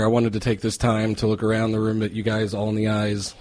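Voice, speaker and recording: Halting, low-voiced band guest man. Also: completely flat delivery, a little mellow. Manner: halting, full of fillers. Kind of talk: casual radio chat. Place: radio station studio.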